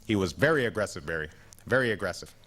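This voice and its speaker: A man putting on a small, fretful old grandmother, anxious and insistent, rushing her words when upset. A gentle storybook reading voice. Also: low voice, expressive.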